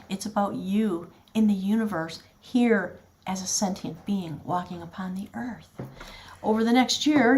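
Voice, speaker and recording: Earnest woman giving a tarot reading. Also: medium pitch. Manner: earnest, flowing, addresses the viewer directly. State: choked up with emotion at times. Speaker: tarot reader. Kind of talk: spiritual tarot reading to camera.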